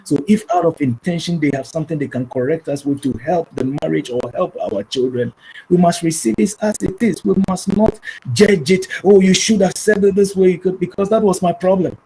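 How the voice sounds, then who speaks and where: A middle-aged man from Ghana, a pastor, speaks briskly on a family talk show in a fairly high, gravelly voice. The audio is poor, with a little hiss or hum. He is earnest and preacherly, growing animated and adopting livelier voices when quoting people.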